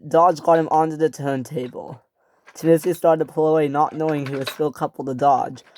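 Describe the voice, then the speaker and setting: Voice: steady tone, normal speed, slight background noise. A storyteller narrating a toy train story with many restarts and self-corrections. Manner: acts out each character's lines in higher, louder voices.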